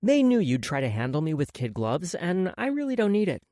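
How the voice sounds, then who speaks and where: A self-assured woman with a dry wit speaks up, pitched well above a man's register, as a male narrator puts her on. Her voice swings widely in pitch. The reading is close and dry, with no room sound. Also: wildly swooping pitch, fairly quick, dark tone, no echo. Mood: wry. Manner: frank, dry humor. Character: blunt, self-assured grown woman, wry and teasing. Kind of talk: audiobook character voice.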